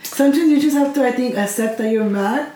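A woman's voice: fairly high pitch, fairly quick, warm tone. A young woman co-hosting a podcast in casual chat, talking reflectively and mixing English and Spanish within a sentence. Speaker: podcast co-host. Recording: echoey room with faint noise.

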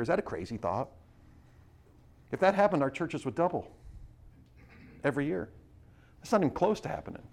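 A man preaching to a missionary class, urging his listeners with rapid rhetorical questions and frequent restarts. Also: mid-range voice, a little mellow. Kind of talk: sermon-style teaching.

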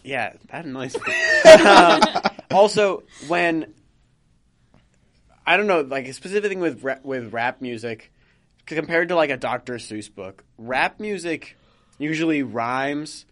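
A man's voice: a little high, expressive, measured pace, a bit bright. Rambling young man full of fillers. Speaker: podcast co-host. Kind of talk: casual chat.

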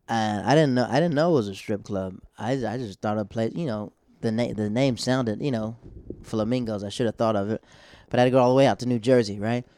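A man's voice: medium pitch, a little fast, mellow, dry recording, clean studio sound. A man in his twenties or thirties, a stand-up comedian, chatting casually with a rambling, self-interrupting way of talking. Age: 20s to 30s. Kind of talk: casual chat.

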